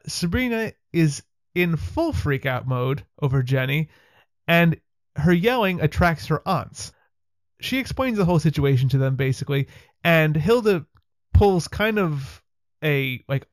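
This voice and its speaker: A man's voice: fairly high pitch, no room sound. A man hosting a podcast, recapping a TV episode with a wry, chatty delivery. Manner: wry, chatty narration with laughs. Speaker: podcast host.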